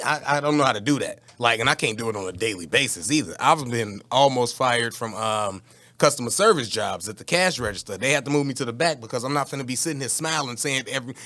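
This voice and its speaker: A man co-hosting a casual podcast chat, relaxed and conversational, with quick reactions. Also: medium pitch. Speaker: podcast co-host.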